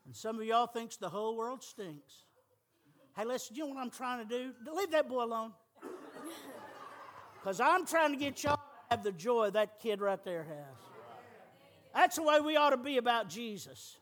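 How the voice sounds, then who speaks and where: High-voiced preacher. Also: male voice, lively intonation, measured pace, long pauses, fairly bright tone. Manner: emphatic, folksy, with humor. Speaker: pastor. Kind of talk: sermon.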